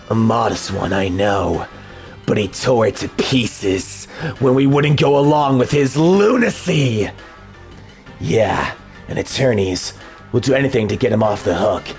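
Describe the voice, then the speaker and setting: Gruff hard-boiled detective, very deep voice, clipped grim phrasing. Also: male voice. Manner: clipped, grim, few words.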